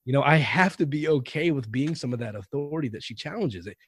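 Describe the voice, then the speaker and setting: A man being interviewed on a podcast, telling anecdotes in a relaxed, conversational way and animating the voices of people he quotes. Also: medium pitch, fast talker, husky, dry recording. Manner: anecdotal, animated when quoting others. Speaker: podcast guest. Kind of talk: conversational storytelling.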